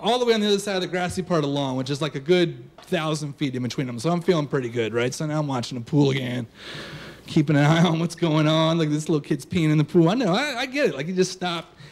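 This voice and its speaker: A young man telling a personal story on stage before a live audience, casual and animated, full of "like" fillers. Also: a little high, quick pace.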